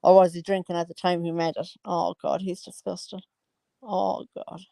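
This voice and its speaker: A woman in her thirties chats through her opinions, breaking into exclamations and laughs. Her voice has a gravelly edge. The sound is dry and close. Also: lowish voice, level tone, normal speed, dark tone, no room sound. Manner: gossipy, exclaims and laughs often. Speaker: commentary vlogger. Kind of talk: casual chat.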